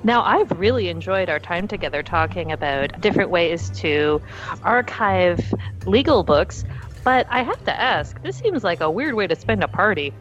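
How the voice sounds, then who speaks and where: A woman's voice: lowish voice, lively intonation, normal speed, muffled recording, music in the background, lightly acted. A woman voicing a friendly, forward young librarian from the countryside who talks in a chatty, eager, earnest way.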